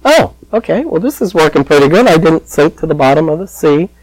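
A man's voice: a little high, very animated, fairly quick, no echo, poor audio. A man voicing an impulsive adult male fisherman disciple who blurts out eagerly. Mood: relieved.

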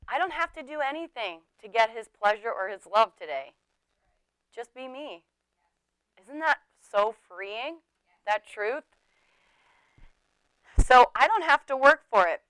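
A woman's voice: on the high side, pushed and bright, clear, resonant tone, no echo, poor audio. A middle-aged woman teaching a sermon in a chatty way, laughing often and acting out the people she quotes. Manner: conversational, laughing, acts out quoted speech.

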